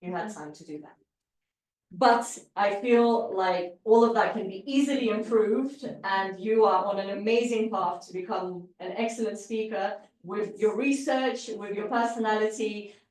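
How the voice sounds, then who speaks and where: A woman's voice: medium pitch, measured pace, darkish tone. A woman giving an encouraging live evaluation of a speech at a public speaking club, demonstrating vocal emphasis. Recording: echoey room, distant mic.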